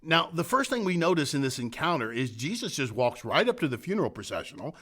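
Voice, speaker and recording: A middle-aged man, a senior pastor, preaching an earnest sermon, building emphatic repeated phrases and then dropping to soft, hushed lines. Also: fairly high pitch, sing-song, fast talker.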